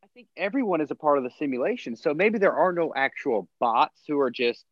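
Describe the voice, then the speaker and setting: A man's voice: on the high side, expressive, a little fast, no room sound. Chatty man on a dry, muffled mic. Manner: rambling, chuckling, many fillers. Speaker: podcast co-host. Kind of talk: casual chat.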